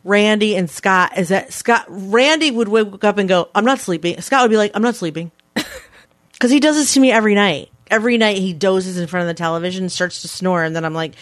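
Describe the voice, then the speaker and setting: A woman's voice: medium pitch, fairly quick, no echo. A woman in her thirties co-hosting a podcast in casual chat, blunt and swearing freely as she acts out quoted arguments. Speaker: podcast co-host.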